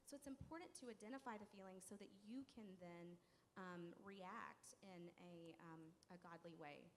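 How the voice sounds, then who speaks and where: A woman's voice: fairly low pitch, normal speed. A woman on a discussion panel, explaining her points thoughtfully with examples from her own life. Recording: reverberant hall with faint noise.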